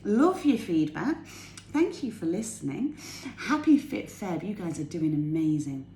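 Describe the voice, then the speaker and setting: A woman's voice: fairly low pitch, sing-song, a little slow, dark tone, slight background noise. A woman giving bubbly, casual healthy-eating tips to her viewers from her kitchen at home. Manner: enthusiastic, bubbly, laughs while talking. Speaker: fitness tip vlogger. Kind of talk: casual chatty tips to camera. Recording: echoey room with faint ambience.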